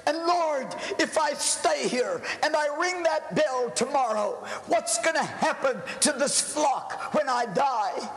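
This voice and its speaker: A desperate village pastor cries out in prayer, as a male preacher acts him out, high and strained, pleading and climbing into shouts. The words come slowly and heavily. A long hall reverb trails after each line. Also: animated, full character voice.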